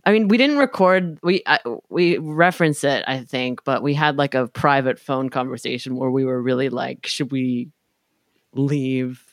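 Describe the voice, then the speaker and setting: A woman's voice: a bass voice, fairly even intonation, normal speed, dry recording, clean studio sound. A young woman co-hosting a podcast in casual chat, wry and offhand, often breaking into laughter. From New York City. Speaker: podcast co-host.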